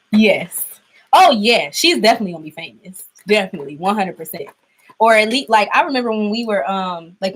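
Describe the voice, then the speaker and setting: A woman's voice: medium pitch, a little hiss or hum, poor audio. A young adult woman chatting casually through a tarot reading, laughing often. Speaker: tarot reader.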